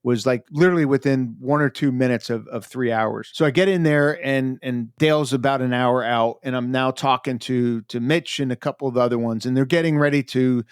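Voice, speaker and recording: A retired FBI agent in an interview, telling a story in a casual, animated way and acting out the things he said. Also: medium pitch, fairly quick, hardly any pauses, clear, resonant tone, no room sound, clean studio sound. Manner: animated, acts out his own quoted lines.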